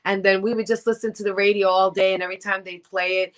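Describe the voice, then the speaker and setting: Lively middle-aged woman telling stories. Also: mid-range voice, fast talker. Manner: animated, acts out quoted voices with big jumps. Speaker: guest singer. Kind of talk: casual interview storytelling.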